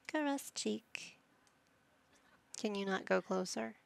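A woman's voice: medium pitch, slow, gravelly. A woman gaming YouTuber giving chatty let's play commentary, narrating each move she picks. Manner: chatty, narrating her own game moves.

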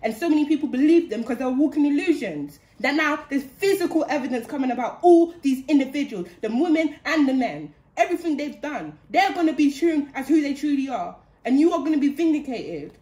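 A woman's voice: high voice, animated, brisk, few pauses, mellow. A woman giving a channeled spiritual reading in an indignant, heated way, repeating phrases for emphasis. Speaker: spiritual card reader. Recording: roomy echo.

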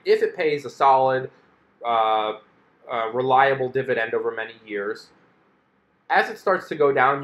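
A man's voice: mid-range voice, a bit bright, echoey room. A man hosting a personal finance video, explaining things in a casual monologue and acting out an investor's inner voice. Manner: chatty, acts out an investor's inner voice in quotes.

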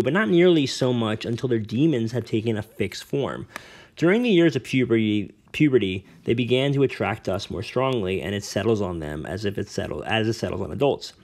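A man reading the part of a cool, aloof nobleman who explains things calmly and at length. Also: on the low side. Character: cool, aloof nobleman father, calm and lecturing.

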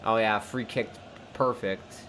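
Excitable man commentating his gameplay. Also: on the low side, unhurried. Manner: excitable, cries out at big moments. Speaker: gaming channel host. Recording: noisy background hum.

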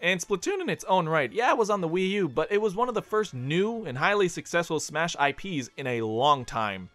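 A man's voice: fairly high pitch, lively intonation, fairly quick, fairly bright tone, no room sound, soft background music. A man giving scripted video essay narration, slipping in dry, joking asides.

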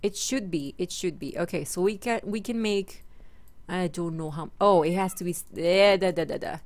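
A woman's voice: on the low side, normal speed, a little mellow. A woman hosting a gaming channel, chatting casually and playfully through her game and talking to her in-game pets. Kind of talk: casual let's-play commentary.

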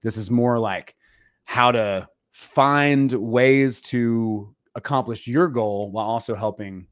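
A man co-hosting a podcast in casual, rambling conversation, full of fillers and throat clearing. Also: medium pitch, slow pace, no echo, studio quality. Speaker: podcast co-host.

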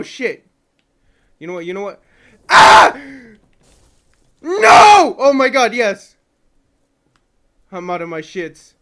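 A young man streaming a video game, shouting and yelping excitably at enemies with lots of swearing. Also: high-pitched. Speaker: gaming streamer. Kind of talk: live game-stream commentary.

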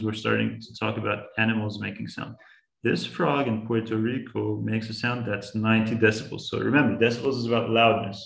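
A man's voice: on the low side, creaky, fairly bright tone, reverberant, rough recording. A man teaching young students about sound, patiently building simple examples with frequent restarts. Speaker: science educator.

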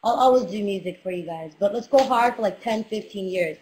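A young woman talks straight to her fans on a casual livestream, hyped up and swearing freely as she gives them a pep talk. Her voice sits at an ordinary middle pitch for a woman and comes through a webcam mic. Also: fairly quick, darkish tone, slight background noise, rough recording. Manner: hyped, profane, motivational. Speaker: rapper streaming to fans.

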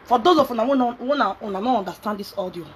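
A woman's voice: fairly high pitch, very fast, a little hiss or hum, rough recording. A woman ranting angrily at her followers, scolding and mixing pidgin with local language. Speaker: social media commentator. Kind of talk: angry rant to followers.

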